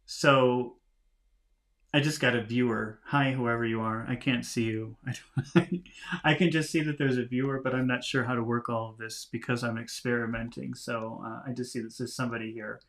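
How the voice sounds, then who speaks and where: A man's voice: medium pitch, fairly even intonation, normal speed, fairly bright tone. A man teaching English, reading a storybook aloud and patiently explaining its words with small laughs, streaming live from home.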